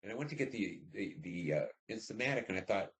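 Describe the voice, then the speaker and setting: An older man in his seventies with a deep, low-pitched voice tells his own war memories. His talk is blunt and salted with profanity. He rambles and restarts his sentences as the story comes back to him. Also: animated, fast, fairly bright tone. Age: 70s. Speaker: veteran recounting war service. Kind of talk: oral history storytelling.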